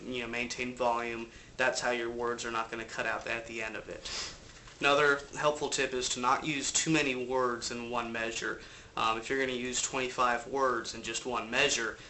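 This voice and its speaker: Male vocal coach, bright edgy voice, slight cold, loose and profane, apartment recording. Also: medium pitch, slight background noise. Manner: loose, rambling explanations with fillers and occasional swearing. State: has a cold. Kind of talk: casual instructional talk.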